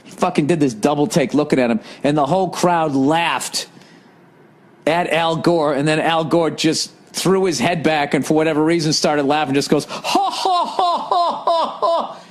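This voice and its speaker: A man's voice: on the high side, steady tone, moderate pace. A man hosting a podcast, delivering a rambling, profane, exasperated comedic rant. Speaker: podcast host.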